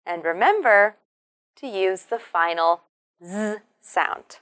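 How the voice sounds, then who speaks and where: A woman's voice: medium pitch, lively intonation, slow pace, a bit bright, smooth. A woman teaching English to beginners, speaking patiently and repeating words syllable by syllable. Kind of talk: slow pronunciation drill for beginners.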